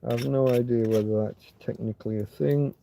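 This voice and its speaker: Gravelly, dark-voiced man rambling on a livestream. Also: medium pitch, fairly even intonation, brisk, a little hiss or hum. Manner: rambling, chatty, talks to his dog in a soft doting voice. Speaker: livestream host. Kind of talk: casual late-night livestream chat. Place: indoors at night, in bed with his dog. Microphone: phone camera held close.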